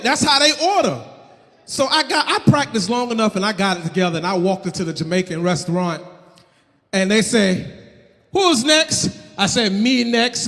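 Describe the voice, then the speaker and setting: A man in his thirties performing live stand-up comedy, loud and animated, often shouting. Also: high-pitched. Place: comedy stage in Miami. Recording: live set with hall reverb.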